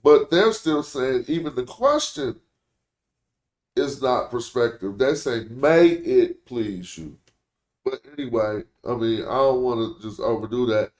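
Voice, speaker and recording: With a mid-range voice and a measured pace, this stream host runs a relaxed language lesson, talking through points conversationally and thinking out loud. A roomy echo surrounds his voice.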